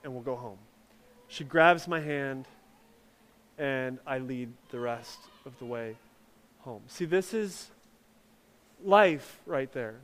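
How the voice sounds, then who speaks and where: A man's voice: medium pitch, slow, pauses often, fairly bright tone, smooth, long reverb tail. A man preaching a sermon, telling a personal story in a conversational way with many fillers and restarts. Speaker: pastor.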